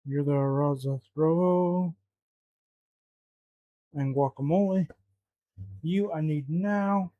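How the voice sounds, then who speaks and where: A man's voice: fairly high pitch, slow, pauses often, no room sound, muffled recording. A man cooking at home, talking to himself in a flustered, muttering way and swearing often. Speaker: home cook vlogger. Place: home kitchen.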